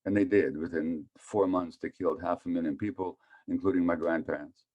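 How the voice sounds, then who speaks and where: A man's voice: deep voice, fairly even intonation, a little fast, a little mellow, muffled recording. A man in his seventies, from Hungary, giving a conversational talk as a physician and asking his audience questions. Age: 70s. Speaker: physician speaker. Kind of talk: public talk on trauma.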